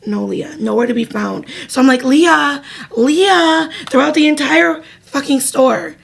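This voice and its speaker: A woman's voice: high-pitched, normal speed, vocal fry, a little hiss or hum. A young woman co-hosting a podcast, telling a story in casual chat with lots of laughing and fillers. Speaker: podcast co-host.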